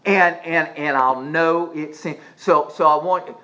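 A man preaching a sermon as pastor, swinging from quiet low asides up to emphatic high peaks, often restarting his phrases. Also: expressive, unhurried, few pauses, low-quality recording. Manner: repeats words and restarts phrases while speaking.

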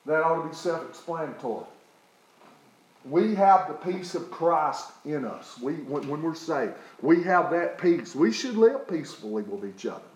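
A man from East Tennessee preaches a sermon built around a personal story, keeping it folksy and often asking "okay?" to check in with listeners. His voice is fairly high, and the rough recording sounds roomy.

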